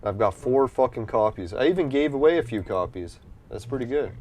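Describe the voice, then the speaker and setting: This man's mid-range voice is animated and brisk, with a darkish tone. Streaming an online game, he chats and rambles with plenty of profanity, relaxed throughout, though allergies leave his nose slightly stuffy.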